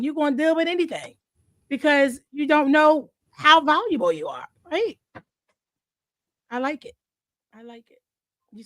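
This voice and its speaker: A high-pitched woman hosting a casual talk show. She speaks candidly and emotionally, with plenty of slang and cursing. Her voice is close and dry, with no room sound. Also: no echo. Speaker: host. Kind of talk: casual chat.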